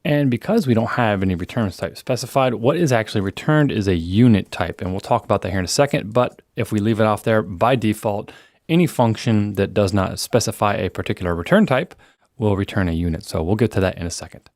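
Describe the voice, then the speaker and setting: Low-voiced man explaining code. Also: brisk, no echo, studio quality. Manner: relaxed explaining, thinking aloud while typing code. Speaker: programming instructor. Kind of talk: screen-recorded coding tutorial.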